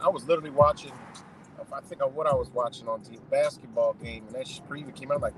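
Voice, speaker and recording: A man's voice: medium pitch, fast, low-quality recording. A man ranting casually and profanely from his car on a live stream, rambling and saying "you know" over and over. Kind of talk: casual rant. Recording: clear music under the voice.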